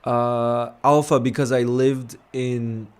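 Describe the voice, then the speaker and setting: A man at a middling pitch, taking it slowly and smoothly, hosts a football watch-along stream with easygoing, friendly chatter. Largely raised in New York, he reads out viewer messages between reactions to the game and gives relaxed, matey shout-outs, calling everyone "bro."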